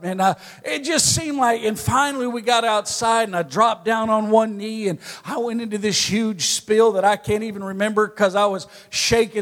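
Male preacher, high voice, folksy and halting, big reverberant hall. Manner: folksy storytelling with pauses. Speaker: pastor. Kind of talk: sermon.

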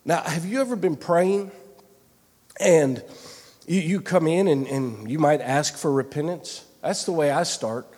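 A man's voice: a little high, unhurried, a little mellow, slightly rough. Earnest male preacher in a reverberant hall. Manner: earnest, repetitive storytelling with many restarts. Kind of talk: sermon.

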